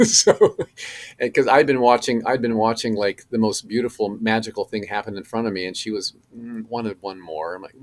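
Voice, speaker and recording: A middle-aged actor, a man, chatting as a podcast guest and telling animated stories with many fillers and restarts. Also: fairly low pitch, brisk. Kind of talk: casual podcast interview.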